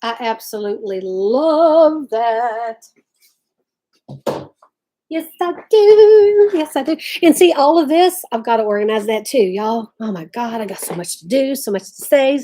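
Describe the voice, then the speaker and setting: A woman's voice: fairly high pitch, lively intonation, brisk, hardly any pauses, mellow, a little hiss or hum. Chatty woman on a livestream. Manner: chatty, reads viewer comments aloud. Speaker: livestream host. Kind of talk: casual livestream chat.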